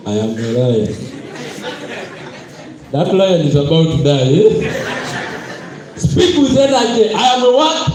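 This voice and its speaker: A man with a Zambian accent hosting a motivational event on stage, energetic and playful as he calls on the audience to respond. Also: sits high. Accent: Zambian English. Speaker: event host. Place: large hall with a live crowd. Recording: echoey hall with crowd.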